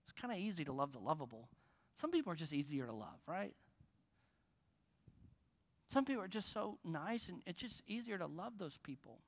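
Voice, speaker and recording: A man's voice: high voice, sing-song, normal speed, long pauses, in a large hall. A man preaching a sermon as pastor, conversational and joking with his congregation. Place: church in front of a congregation.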